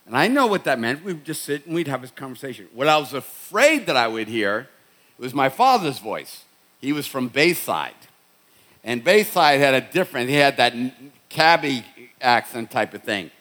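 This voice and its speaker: Preaching in a chatty, story-driven manner, a middle-aged pastor from Boston, USA, keeps restarting his sentences, his Boston accent clear. The pitch is fairly high and sing-song, the speed normal, the tone fairly bright.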